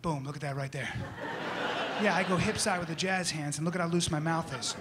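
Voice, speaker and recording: Male stand-up comic, high-pitched, rambling asides, noisy live room. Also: a little fast. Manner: loose, rambling with frequent "okay?" and "you know". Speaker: comedian. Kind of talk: stand-up comedy.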